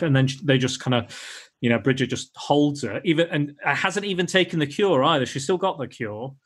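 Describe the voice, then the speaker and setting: A man's voice: on the high side, a bit bright, husky. A man hosting a podcast in casual film chat, rambling and acting out lines from the movie. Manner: rambling, acts out film lines in quick voices. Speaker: podcast host.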